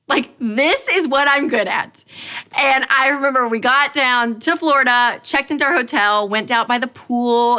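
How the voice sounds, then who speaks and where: A woman in her thirties teaching a money course, telling a personal story with lively acted-out quotes. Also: medium pitch. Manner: animated storyteller, acts out quotes. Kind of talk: storytelling talk to an audience.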